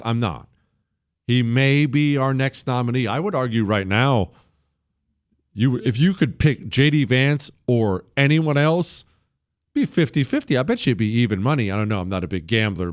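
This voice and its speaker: A man hosting a talk radio show, delivering a blunt, conversational political monologue that swings between punchy highs and low asides. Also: no room sound, clean studio sound. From United States.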